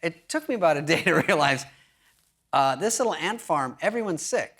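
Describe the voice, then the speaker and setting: A man's voice: a little high, normal speed, very noisy. Dry sarcastic male comedian telling stories. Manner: dry, sarcastic delivery with lively quoted voices. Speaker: guest comedian. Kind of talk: anecdotal talk-show storytelling. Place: TV studio before an audience.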